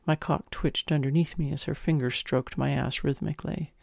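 A man reading a first-person audiobook in an intimate, expressive storytelling manner, close on the mic. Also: a little high, moderate pace, gravelly, no room sound. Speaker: audiobook narrator.

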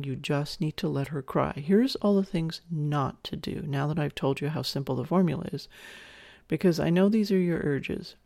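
A woman's voice: deep voice, gravelly, dark tone, no echo, clean studio sound. A woman in her forties hosting a solo podcast, talking frankly and chattily as she gives instructions. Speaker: podcast host. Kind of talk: candid solo podcast talk.

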